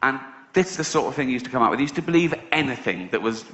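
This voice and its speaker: Speaking very fast in an expressive, mid-range and somewhat bright voice, an English comedian tells stories in a stand-up set, acting out voices and breaking into laughs. He's on a big theatre stage before a live crowd, captured in a roomy, muffled concert recording with the audience laughing.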